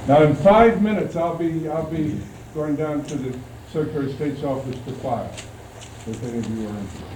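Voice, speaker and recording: A man serving as governor, answering reporters' questions firmly and haltingly at a press conference in a press room. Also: a little high. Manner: firm, halting with restarts. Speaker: state governor. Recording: echoey, distant, noisy archive tape.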